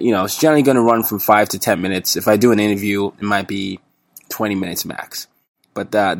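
A man's voice: on the low side, vocal fry, no room sound, studio quality. A man hosting his podcast, talking casually and rambling a little with fillers. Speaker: podcast host.

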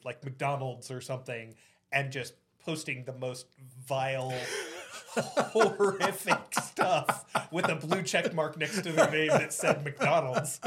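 A man's voice: medium pitch, a bit bright. A man visiting a podcast as a guest, talking in casual chat with wry, understated remarks.

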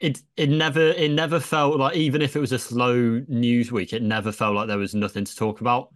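A man co-hosting a casual podcast, speaking haltingly and often repeating words as he starts a thought. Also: mid-range voice, steady tone, no room sound, studio quality. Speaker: podcast co-host.

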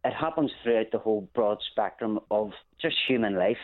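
A man from England calling in to a radio show, speaking earnestly and haltingly with many restarts. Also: lowish voice, lively intonation. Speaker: caller. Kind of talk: phone-in call. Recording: phone line.

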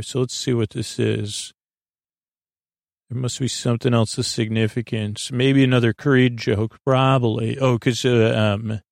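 Podcast host, male, gravelly fry, rambling filler-heavy recap, dry close sound. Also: mid-range voice, darkish tone, no room sound. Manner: rambling, many filler uhs, paraphrases scene dialogue loosely. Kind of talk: casual episode recap.

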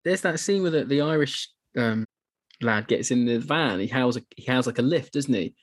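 A man co-hosting a film podcast, talking enthusiastically and getting animated as he retells scenes. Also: medium pitch, moderate pace. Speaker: podcast co-host. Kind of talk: casual podcast chat.

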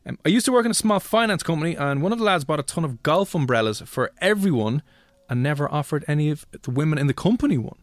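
A man talks fast in casual chat as a radio co-host. He tells self-mocking stories and keeps them moving. The sound is dry and close. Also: fairly high pitch, lively intonation, no room sound. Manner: quick, storytelling, self-mocking.

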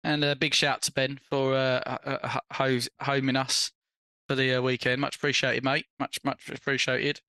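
Bright-voiced man teasing and laughing. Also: mid-range voice, normal speed, no room sound. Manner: animated, teasing, laughs often, swears. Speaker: podcast co-host. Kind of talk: casual banter on a live podcast.

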